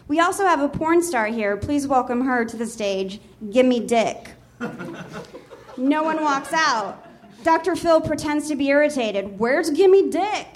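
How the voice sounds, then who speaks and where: High voice lady reading her funny story on stage, keeps cracking up, faint hiss. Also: lively intonation, measured pace. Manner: often laughs at her own lines. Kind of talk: comic story reading for a live show. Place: small theater stage.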